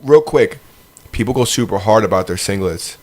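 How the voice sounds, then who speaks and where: A man's voice: fairly low pitch, animated, normal speed, a little mellow. A man co-hosting a podcast in casual chat, chatty, interjecting and swearing casually. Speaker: podcast co-host.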